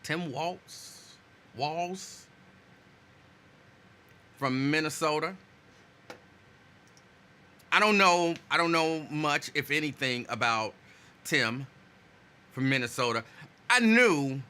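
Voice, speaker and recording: A man hosting a casual live stream, greeting viewers by name and chatting loosely while saying his energy is low. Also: lively intonation, takes it slowly, long pauses, sharp tone. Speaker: host.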